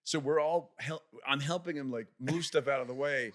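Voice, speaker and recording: A man tells a comic story on a podcast at an average pitch. He stumbles and repeats words as he goes, and he slips into the voices of the people in his tale. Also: moderate pace, a bit bright. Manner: restarts and repeats words often. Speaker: podcast guest. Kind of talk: comic anecdote telling. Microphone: podcast studio microphone.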